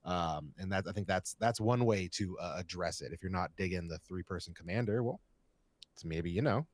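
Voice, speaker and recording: Very low-voiced easygoing man. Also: normal speed, no room sound. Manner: easygoing, rambling with many "like" and "you know". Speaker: podcast co-host. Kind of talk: casual chat.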